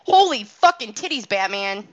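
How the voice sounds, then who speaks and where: A woman's voice: mid-range voice, sing-song, moderate pace, no echo, muffled recording. A woman hosting a call-in chat, brash and joking with lots of swearing. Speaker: host. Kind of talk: casual podcast chat.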